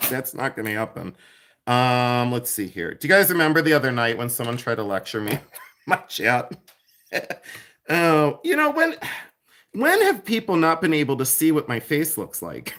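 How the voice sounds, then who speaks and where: A silversmith demonstrates in his jewelry studio during a livestream, chatting playfully with his audience and laughing often. His mid-range voice has a fairly bright tone, with a little hiss or hum in the background.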